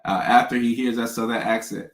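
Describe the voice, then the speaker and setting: A man's voice: medium pitch, fairly even intonation, a little fast. A man from the American South telling stories in casual chat, often restarting and repeating words. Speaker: host. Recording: echoey room.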